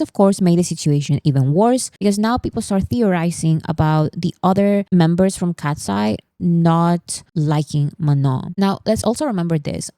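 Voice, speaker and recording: Woman vlogger, low mellow voice, dry close sound, chatty commentary full of asides. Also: no echo. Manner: chatty, rambling, with frequent asides and self-corrections. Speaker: pop culture vlog host. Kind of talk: casual pop culture commentary.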